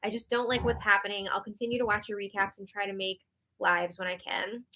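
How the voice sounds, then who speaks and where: Bright, animated woman hosting a live recap. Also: mid-range voice, fairly quick. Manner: animated, exasperated, reads viewer comments aloud. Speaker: host. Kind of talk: live reality-show recap chat.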